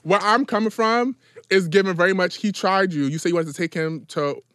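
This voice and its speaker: A man co-hosting a podcast, defending himself quickly and talking over his friend in a heated chat. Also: high-pitched, a bit bright, dry recording, clean studio sound. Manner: fast, defensive, talks over the other. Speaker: podcast co-host.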